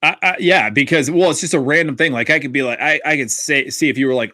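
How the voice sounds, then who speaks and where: A young man with a Minnesotan accent talks through a casual podcast in an animated, rambling way. His voice is bright and forward, recorded close with a dry sound. He keeps stopping and starting mid-sentence. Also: a little high, quick pace, no room sound. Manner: animated, rambling with restarts and swearing. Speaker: podcast co-host.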